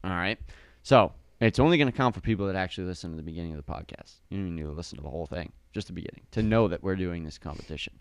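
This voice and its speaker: A man's voice: low voice, rapid-fire, hardly any pauses, smooth, no echo. A male fitness coach co-hosting a casual podcast, talking in an upbeat coaching tone with a slight lisp from a sore tongue.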